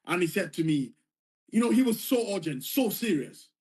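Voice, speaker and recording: A man's voice: sits high, lively intonation, normal speed, darkish tone. A man earnestly retelling a personal story, repeating phrases for emphasis. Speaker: former foreign service official telling his story.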